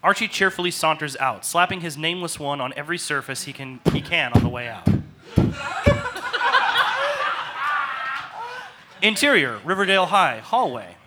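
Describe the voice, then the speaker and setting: A man's voice: high-pitched, wildly swooping pitch, measured pace, pauses often, noisy background. A man reading out stage directions in a comedic table read, wry and mock-serious. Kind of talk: comedic script narration.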